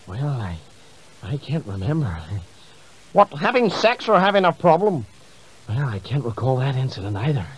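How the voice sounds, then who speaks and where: A man voicing a muddled, forgetful elderly president who answers slowly and evasively. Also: mid-range voice, big pitch swings, husky. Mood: vague. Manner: vague, slow, evasive. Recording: muffled comedy CD.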